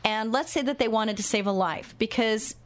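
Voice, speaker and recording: A woman's voice: a little high, normal speed. A woman hosting a radio talk show, interviewing a guest and making earnest, urgent appeals to listeners.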